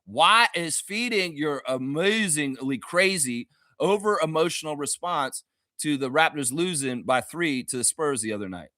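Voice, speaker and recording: A man's voice: fairly high pitch, animated, normal speed, sharp tone, no room sound, studio quality. A man hosting a sports talk show, ranting in a mocking, profane way. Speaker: host.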